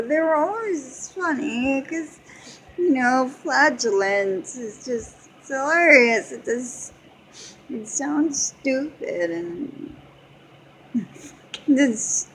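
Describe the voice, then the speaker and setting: Giggly slow-talking woman vlogger. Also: sits high, animated, fairly bright tone, a little hiss or hum, poor audio. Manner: giggly, rambling, frequent laughter. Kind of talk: casual chat.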